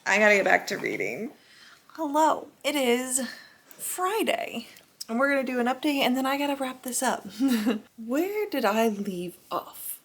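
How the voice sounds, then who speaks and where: Young woman rambling about a book, gravelly bright voice, swears a lot. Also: high voice, a little slow. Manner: animated rambling with swearing and acted quotes. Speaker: book vlogger. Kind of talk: casual chatty book review.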